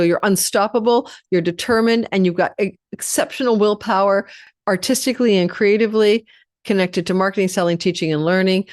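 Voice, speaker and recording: A woman's voice: fairly low pitch, no echo, clean studio sound. A woman astrologer giving a casual monthly horoscope forecast, chatty and rambling, often correcting herself mid-sentence.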